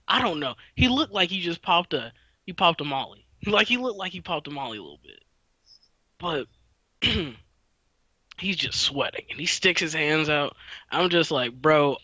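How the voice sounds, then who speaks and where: A man's voice: high voice, sharp tone, no room sound, muffled recording. Laid-back young guy telling a rambling story. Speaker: podcast host. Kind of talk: casual storytelling.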